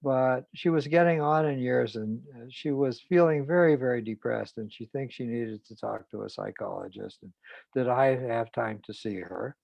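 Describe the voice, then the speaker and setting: Older man telling a therapy story, halting. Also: mid-range voice, creaky, a little mellow, no room sound, dull audio. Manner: halting, repeats words. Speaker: psychologist. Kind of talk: recounting a therapy case.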